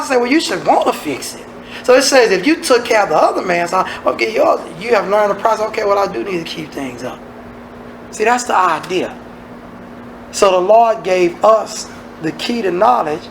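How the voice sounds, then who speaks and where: A man's voice: high voice, gravelly, a little hiss or hum, poor audio. A man teaching a Bible study, asking his listeners one rhetorical question after another. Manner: preachy, asks many rhetorical questions.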